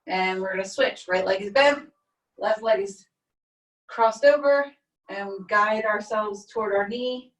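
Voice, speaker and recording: A woman leading a guided stretching class, calmly cueing each step while she does the moves herself, recorded on a laptop mic across a room. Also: mid-range voice, a little slow. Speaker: stretching instructor. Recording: echoey room, distant mic, faint music.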